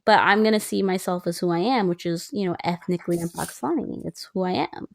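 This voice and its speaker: A woman's voice: on the low side, fast talker, vocal fry. A woman speaking candidly on a casual podcast, emphatic and given to sassy asides. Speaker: podcast guest. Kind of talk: casual chat.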